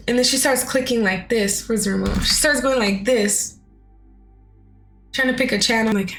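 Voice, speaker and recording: A woman's voice: on the high side, normal speed, faint music behind. Chatty young woman telling a story. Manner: chatty, full of "like" and "you know" fillers. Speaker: vlogger. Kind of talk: casual storytelling.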